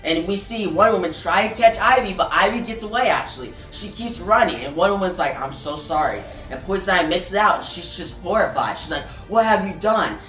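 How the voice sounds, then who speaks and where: A woman's voice: lowish voice, quick pace, few pauses, fairly bright tone. A woman casually recapping a comic book as a reviewer, rambling with many fillers. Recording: roomy, distant mic, faint music.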